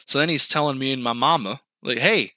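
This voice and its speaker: Bright-voiced young man telling a story. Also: mid-range voice, fast, dry recording. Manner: animated storytelling, acting out quotes, swearing and laughing. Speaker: podcast host. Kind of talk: casual chat.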